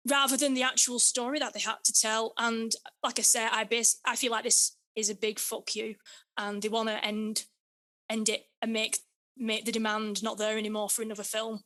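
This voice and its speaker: A woman with a high, sharp, bright voice chats about films on a podcast. She often restarts her sentences as she works out what she wants to say. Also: flat delivery, moderate pace. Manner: chatty, hesitant restarts. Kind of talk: casual film discussion.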